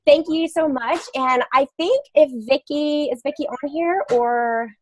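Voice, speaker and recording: A woman's voice: sits high, measured pace, a little hiss or hum, rough recording. A woman hosting a group call, giving an earnest, encouraging pep talk and calling herself scattered. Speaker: call host.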